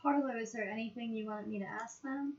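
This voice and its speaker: A woman's voice: on the high side, a little fast, a little mellow. A woman playing a tabletop game, chatty and inquisitive in casual talk. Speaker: player. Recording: dull lo-fi audio with faint noise.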